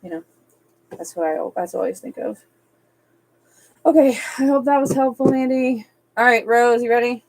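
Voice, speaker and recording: A woman's voice: fairly high pitch, moderate pace, pauses often, a little mellow, slight background noise, poor audio. A woman doing a live-streamed tarot reading, reading card texts aloud evenly and slipping into casual, chatty asides. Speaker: tarot reader.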